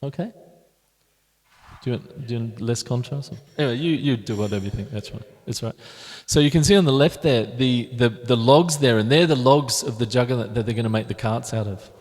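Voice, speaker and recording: Guy giving a temple class, chatty, trips over his words a lot, mid-pitched, lots of hall echo. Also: a little fast, darkish tone. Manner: conversational, many restarts, reflective. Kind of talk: scripture class talk with slides. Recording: long hall reverb.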